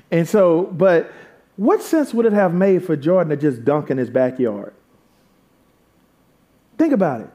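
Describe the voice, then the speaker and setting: A man's voice: a little high, darkish tone. A man preaching a sermon, switching between easy, joking asides to the congregation and raised, emphatic calls. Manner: conversational, humorous asides to the congregation. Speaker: pastor.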